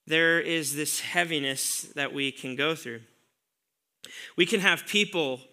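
A man preaching a sermon to a congregation, conversational and earnest, asking the listeners rhetorical questions and dropping soft on key words. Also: high-pitched. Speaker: pastor.

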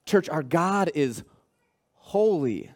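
A man's voice: on the high side, expressive, slow. A man preaching a sermon to his congregation as pastor, calling out to the church. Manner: preaching with rising intensity, calls to the congregation.

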